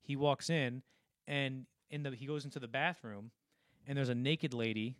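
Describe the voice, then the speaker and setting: A man's voice: mid-range voice, normal speed, no room sound. Young man rambling on a podcast, dry sound. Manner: rambling, animated retelling with many restarts. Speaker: podcast co-host. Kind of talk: casual film-discussion podcast.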